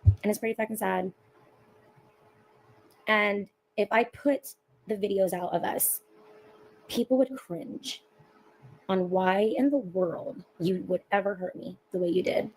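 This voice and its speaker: A woman's voice: medium pitch, a little slow, pauses often, husky, poor audio. A woman bluntly addressing an ex-partner, bitter and swearing.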